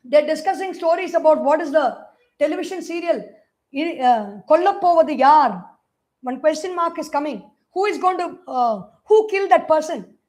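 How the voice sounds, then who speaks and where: A woman with an Indian English accent giving a spiritual discourse, telling lively stories and chanting Sanskrit verses. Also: high voice. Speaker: spiritual teacher.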